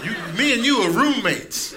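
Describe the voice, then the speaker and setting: A bossy, indignant house cat, raised and loud as it demands its food, as a man puts it on. The pitch sits high and the tone stays pushy. A noisy live room hums behind it. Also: animated, normal speed. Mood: bargaining.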